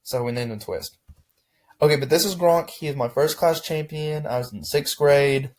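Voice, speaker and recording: A young man from Texas talking casually to camera, rambling and relaxed, with frequent restarts. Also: on the high side, moderate pace. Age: young adult. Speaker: vlogger. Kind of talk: casual reflective chat to camera.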